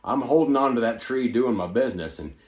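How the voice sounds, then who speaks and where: A male comedian doing an impression of a rambling, forgetful elderly male politician, stumbling over repeated words with sudden loud bursts. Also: medium pitch, expressive, fairly quick, echoey room, natural voice. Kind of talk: stand-up impression monologue.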